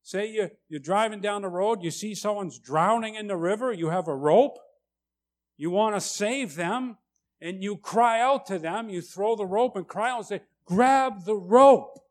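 A man preaching a sermon, emphatic and deliberate, often asking "right?" to check in with his listeners. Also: sits high. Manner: slow, deliberate delivery with rising, urgent stresses.

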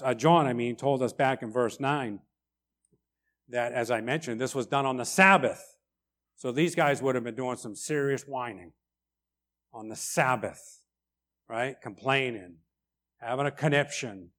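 A middle-aged male pastor preaching a sermon in an animated way, often breaking in with asides like "right?" and "okay?". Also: medium pitch.

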